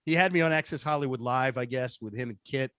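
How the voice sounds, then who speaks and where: A radio personality being interviewed, telling a story casually and acting out the dialogue in voices. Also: male voice, mid-range voice, fast talker, smooth, no echo, clean studio sound. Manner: animated, laughing, acts out dialogue in voices. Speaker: radio show personality, guest.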